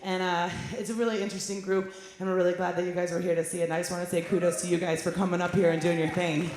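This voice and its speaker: A woman's voice: lowish voice, level tone, a little mellow. A woman singer chatting playfully with the audience between songs on a live stage. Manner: playful, teasing, quick asides. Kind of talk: onstage banter between songs. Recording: roomy live venue sound. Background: faint band and crowd.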